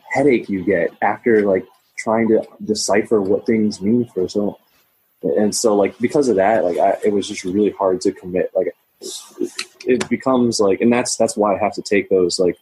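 A man's voice: lowish voice, darkish tone, slightly rough, poor audio. A young man talking casually as a podcast guest, rambling with many fillers and restarts. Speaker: podcast guest, Mandarin learner. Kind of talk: casual conversation.

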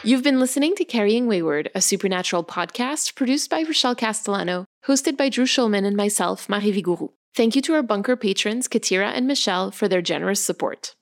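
A woman co-hosting a podcast, talking thoughtfully and in a measured way. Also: mid-range voice, expressive. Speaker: podcast co-host. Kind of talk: casual podcast discussion.

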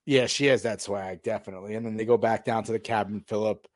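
A man's voice: on the low side, quick pace, dry recording, studio quality. A man co-hosting a podcast, casually recapping a TV episode and acting out the scenes as he retells them. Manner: animated retelling, acts out scenes. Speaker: podcast co-host.

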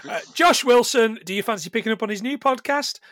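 A man's voice: extremely high pitch, brisk, crowd noise. A man co-hosting a podcast in a casual, rambling, joking chat. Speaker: podcast co-host.

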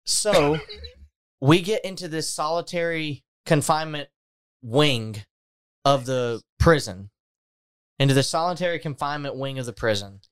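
A man telling a story in casual chat, animated and laughing often. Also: on the high side, a little slow, clear, resonant tone.

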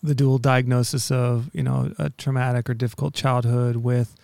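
A man's voice: mid-range voice, flat delivery, moderate pace, vocal fry, a little mellow, dry recording, studio quality. A man interviewing, asking long searching questions with many restarts.

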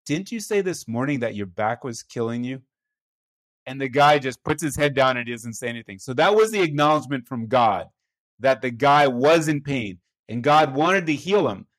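A man's voice: mid-range voice, a bit bright. A man, a pastor, telling a personal story in a conversational, self-deprecating way, often checking in with his listener.

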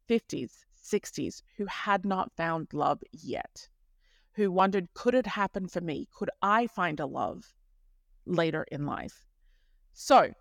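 A woman hosting a podcast in a chatty, animated monologue, often correcting herself mid-sentence. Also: on the low side, vocal fry, no room sound, studio quality. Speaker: podcast host.

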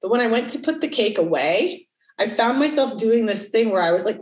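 A woman's voice: fairly high pitch, expressive, brisk, a little mellow. A middle-aged woman talks frankly on a podcast, dropping curse words. Her voice sounds roomy and a little distant from the mic. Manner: candid, swears freely, acts out quoted voices. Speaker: podcast co-host. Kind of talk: casual podcast chat.

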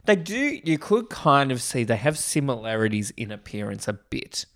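A man co-hosting a casual film podcast, joking and teasing in quick banter. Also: mid-range voice, big pitch swings, fairly bright tone. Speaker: podcast co-host. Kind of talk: casual film-review chat.

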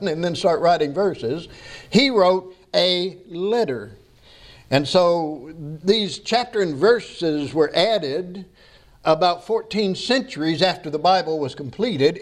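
A man preaching a sermon to his congregation, reading scripture and then joking with the people in a folksy way. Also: high-pitched. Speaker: pastor. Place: church sanctuary.

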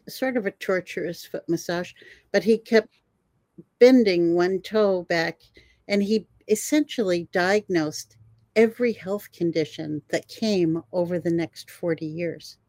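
An older woman telling her stories with animated, expressive energy, often breaking into laughter. Her voice sits on the lower side and sounds dry and close to the mic, with hardly any room sound. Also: no room sound. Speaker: herbalist guest. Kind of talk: storytelling in a conversation.

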